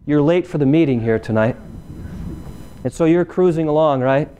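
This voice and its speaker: Man preaching with a mellow, higher voice. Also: normal speed. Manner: conversational, repeats "right?" to the audience; acts out a traffic stop in a lower voice. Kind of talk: sermon with illustration. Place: church meeting room.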